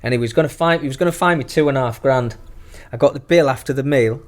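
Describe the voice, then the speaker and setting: A man's voice: mid-range voice, fast. A middle-aged man, a former footballer telling profane stories in casual chat and laughing through them. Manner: profane, laughing anecdote-teller. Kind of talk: casual storytelling.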